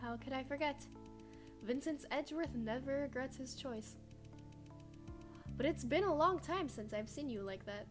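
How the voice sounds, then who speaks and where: A woman's voice: high-pitched, normal speed, long pauses, pitched above the performer's own voice, close to an everyday voice. A woman voicing a confident male friend who talks in a teasing, self-assured way. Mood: resolute. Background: game music.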